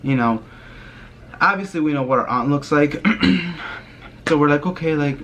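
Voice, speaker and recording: A young man vlogger telling a spooky story in a casual, rambling way, often dropping his voice low and filling with "like". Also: lively intonation, normal speed, slight background noise. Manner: rambling, hushed telling with many "like" fillers.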